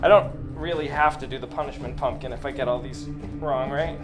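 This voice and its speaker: A man's voice: mid-range voice, fairly even intonation, fairly quick. A man hosting a casual livestream, joking and teasing himself while carving pumpkins a little tipsy. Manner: joking, self-mocking, playful. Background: music.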